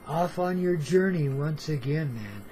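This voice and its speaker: A man's voice: on the high side, expressive, unhurried, warm tone, rough recording. Laid-back hippie storyteller man, older. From Oregon. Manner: laid-back hippie slang, calls listeners baby and man. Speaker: storyteller host. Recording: faint background noise.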